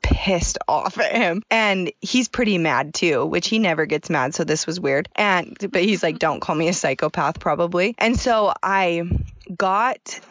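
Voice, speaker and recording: A woman in her thirties co-hosts a podcast, her lowish, slightly bright voice moving a little slowly. The recording has no echo but the highs are cut off, and she tells a personal story chattily, laughing often.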